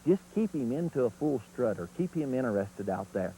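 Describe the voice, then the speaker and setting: A man's voice: mid-range voice, big pitch swings, a little fast, mellow, slight background noise, low-quality recording. A man teaching turkey calling in an instructional video, in a folksy, plain-spoken way.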